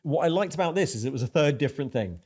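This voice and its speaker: A man co-hosting a casual book discussion, talking in a rambling, animated way full of quick restarts and asides. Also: fairly high pitch. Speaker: podcast co-host.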